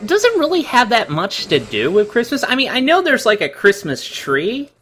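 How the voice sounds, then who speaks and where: A man giving animated, laugh-filled commentary on a video game, sharing trivia along the way. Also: extremely high pitch, normal speed, soft background music. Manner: animated, giggly, full of trivia. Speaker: let's play co-commentator. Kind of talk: casual gameplay commentary.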